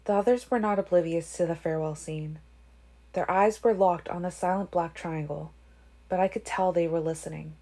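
A woman reading a novel aloud in a calm, even narration. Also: fairly low pitch, normal speed. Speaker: audiobook reader.

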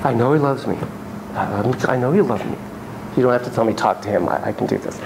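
A man acting out a hurt, lonely wife in a couples therapy role play. She talks softly and haltingly, pleading to be heard. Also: medium pitch, creaky, background noise, pitched below the performer's own voice, close to an everyday voice. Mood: plaintive.

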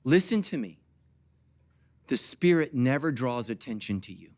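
A middle-aged man preaching a sermon as pastor, jumping between quiet asides and loud animated peaks, with humorous asides to the congregation. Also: medium pitch, a little slow. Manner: animated preaching with big swings from soft to loud.

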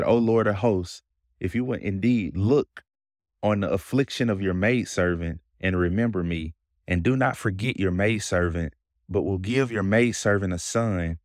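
A man with a Southern accent and a lowish voice hosts a Bible podcast, teaching scripture casually and putting questions to his listeners. The recording is studio quality with no room sound.

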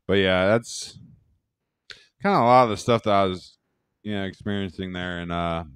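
A young man with a low, smooth, resonant voice rambles through a casual podcast chat, swearing freely and cracking himself up. The sound is close and dry, with no room around it. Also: normal speed, dry recording. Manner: profane, rambling, laughs at own bits. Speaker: podcast co-host.

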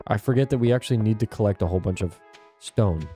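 Mellow-voiced man chatting over gameplay. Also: lowish voice, fast talker, faint music behind. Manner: chatty, self-talking while playing. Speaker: gaming channel host. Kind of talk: casual gameplay commentary. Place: home, indoors.

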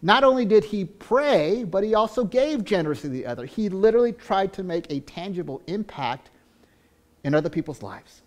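Male pastor, sermon delivery, high voice, earnest, repeats and restarts, loud-to-hushed swings. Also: animated, moderate pace.

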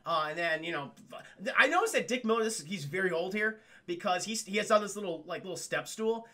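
Bright-voiced man rambling to his stream chat. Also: high-pitched, animated, a little fast. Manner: rambling, profane, keeps addressing the chat. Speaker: streamer reviewing a film. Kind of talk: casual livestream recap to chat.

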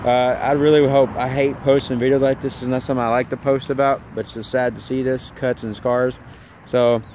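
Man, mid-pitched, venting angrily on his phone with traffic noise all around. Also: level tone, fairly quick, darkish tone. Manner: upset, ranting, swearing. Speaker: vlogger. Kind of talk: ranting phone vlog. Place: outdoors at a work site, near traffic.

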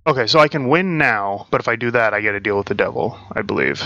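A man's voice: fairly low pitch, expressive, quick pace, gravelly, hardly any pauses, sharp tone, dry recording, highs cut off, faint music behind. A young adult man casually chatting and swearing while he plays a game at his desk at home. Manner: rambling and profane, chatting while playing. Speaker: gaming channel host. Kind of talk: casual let's-play commentary.

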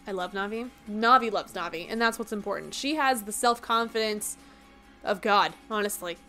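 With soft background music, a woman streams a game and talks casually to viewers in a bright, forceful, mid-range voice at a moderate pace. Though she sounds tired, she rambles on, poking fun at herself.

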